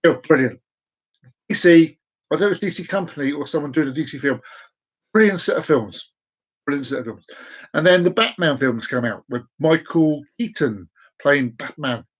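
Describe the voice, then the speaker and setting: Playful man, chatty and slightly high. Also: normal speed, breathy edge, low-quality recording. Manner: playful and chaotic, repeats and stretches phrases; sudden whoops and excited outbursts. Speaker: live-stream host. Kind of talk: casual live-stream chat. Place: at home at a desk.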